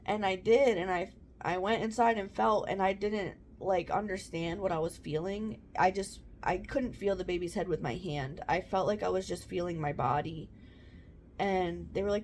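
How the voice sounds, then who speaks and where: A woman's voice: mid-range voice, normal speed, darkish tone, a little hiss or hum. Chatty young woman telling a story. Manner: chatty, many "um" and "like" fillers. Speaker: mom vlogger. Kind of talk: casual storytelling to camera.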